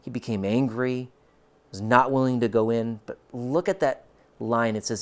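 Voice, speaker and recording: A male pastor preaching a sermon, emphatic and moving between quiet and forceful delivery. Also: medium pitch, normal speed. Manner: emphatic, shifts between soft and loud.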